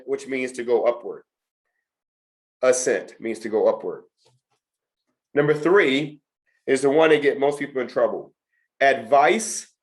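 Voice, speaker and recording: An emphatic middle-aged man leads a test prep lesson. His voice sits at an ordinary pitch as he drills vocabulary for his students. He repeats his main points so they stick. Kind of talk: lecture to students.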